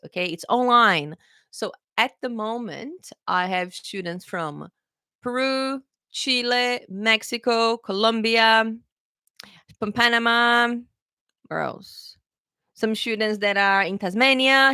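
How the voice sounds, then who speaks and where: A woman English teacher from Brazil with a Brazilian accent, chatting through a live-stream Q&A. She talks casually and keeps checking in with her viewers. Her voice is bright and forceful, recorded close and dry. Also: mid-range voice, no room sound.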